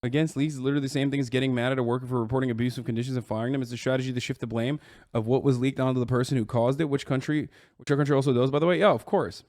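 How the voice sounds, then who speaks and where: A man's voice: mid-range voice, steady tone, racing, a little mellow, no room sound, clean studio sound. A man reacting to a clip, mocking it with sarcasm and constant swearing. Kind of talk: profane reaction commentary.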